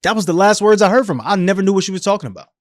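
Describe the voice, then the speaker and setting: Animated man telling his story. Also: sits high, rapid-fire, dry recording, clean studio sound. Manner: animated, emphatic, slangy storytelling. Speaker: podcast guest. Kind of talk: casual storytelling.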